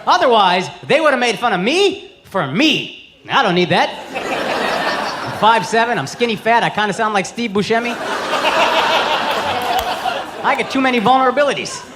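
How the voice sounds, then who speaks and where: High-voiced brash man doing stand-up. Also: big pitch swings, a little fast, background noise. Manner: brash, profane, mocking delivery. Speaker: stand-up comedian. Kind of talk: stand-up comedy set. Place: comedy stage before a live audience. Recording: live show with loud crowd laughter.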